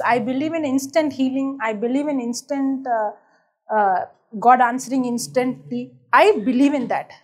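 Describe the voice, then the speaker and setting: A woman with a very high voice preaches a sermon. She tells her stories in an animated way, acts out the complaints of others in quoted voices and laughs at herself.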